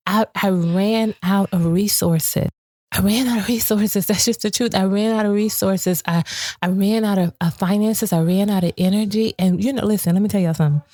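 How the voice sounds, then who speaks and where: A woman's voice: mid-range voice, warm tone, dry recording. A woman hosting a devotional podcast, speaking earnestly and repeating phrases for emphasis. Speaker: podcast host.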